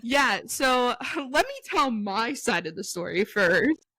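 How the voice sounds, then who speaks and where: Bright-voiced young woman telling a story. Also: on the high side, expressive, a little hiss or hum, low-quality recording. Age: 20s. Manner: storytelling, swears freely, reads texts aloud quickly. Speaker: podcast co-host. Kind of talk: casual chat.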